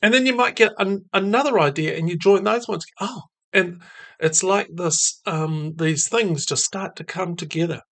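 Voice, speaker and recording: A man giving a reflective devotional talk on faith and mental health, musing aloud with fillers and soft laughs. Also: high-pitched, moderate pace.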